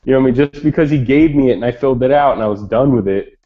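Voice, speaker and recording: A man telling a story in a casual chat, animated and swearing freely. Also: medium pitch, racing. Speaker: chat participant. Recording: lo-fi online voice chat.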